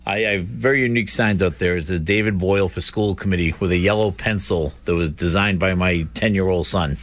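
A man's voice: deep voice, brisk. A man running for school committee, explaining things in a straightforward way as a radio guest. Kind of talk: radio interview.

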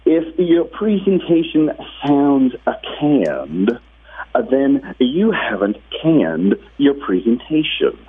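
A man doing an impression of a famous motivational speaker, stretching his words out slowly over a phone line. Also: mid-range voice, big pitch swings, breathy edge, voice pushed up, exaggerated voice. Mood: emphatic.

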